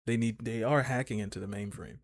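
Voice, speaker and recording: A man's voice: on the low side, fairly even intonation, a little fast. A man co-hosting a podcast, chiming in with joking, chatty remarks during a casual movie talk. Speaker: podcast co-host.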